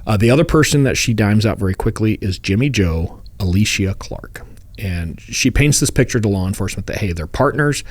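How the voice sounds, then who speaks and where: A man with a low-pitched voice co-hosts a true-crime podcast, recounting a case in a relaxed, joking manner. He slips into quick voices for the people involved. The recording is dry and close. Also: breathy edge, dry recording. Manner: jokey retelling with put-on voices for people in the case. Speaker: podcast co-host. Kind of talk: casual true-crime storytelling.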